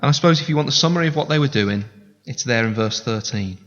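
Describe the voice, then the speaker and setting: A man's voice: medium pitch, expressive, quick pace, a bit bright. Earnest male pastor in a reverberant hall. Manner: earnest, conversational preaching with direct appeals. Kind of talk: sermon. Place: church sanctuary. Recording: reverberant hall, dull lo-fi sound.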